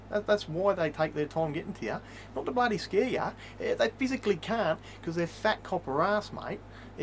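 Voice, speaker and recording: A man's voice: on the high side, a little hiss or hum. A man with an Australian accent telling a profane, rambling comic story, swearing constantly and tagging his sentences with mate. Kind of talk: profane comedic rant.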